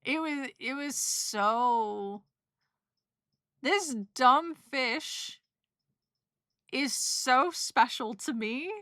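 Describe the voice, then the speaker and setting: A young woman talks through her trip in a loose, rambling way, full of fillers, giggles and emotion. Her voice sits a little high and sounds bright. She takes her time, and the sound is dry and close. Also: drawn-out words, long pauses, no room sound. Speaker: streamer recapping a trip. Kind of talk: casual chat.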